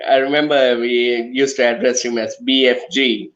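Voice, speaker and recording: A man's voice: mid-range voice, fairly even intonation, normal speed, highs cut off. A man in a casual football chat, talking earnestly and often checking in with "you know" and "right". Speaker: guest on a watch-along.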